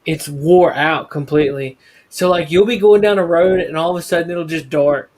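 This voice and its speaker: A man in casual podcast chat, laughing often and speeding up when he gets excited. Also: on the high side, normal speed.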